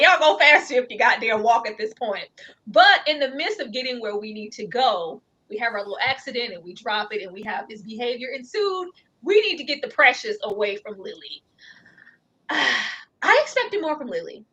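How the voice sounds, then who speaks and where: Lively high-voiced woman laughing through a review. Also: a little fast, slightly rough. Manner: animated, laughs often, acts out characters. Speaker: co-host of a TV review show. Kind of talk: casual review chat.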